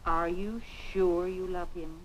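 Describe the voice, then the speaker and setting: A woman's voice: on the low side, steady tone, a little slow, dull audio, slight background noise, natural voice. An actress playing a fond, worried middle-aged mother in a 1940s film.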